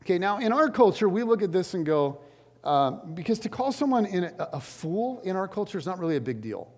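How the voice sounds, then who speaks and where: A high-pitched man preaching from the stage of a large church, his voice lively and swooping as he slips into casual, joking asides. The long reverb of the sanctuary trails after each phrase. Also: fairly quick. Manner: animated, conversational, jokey asides. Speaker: pastor. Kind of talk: sermon.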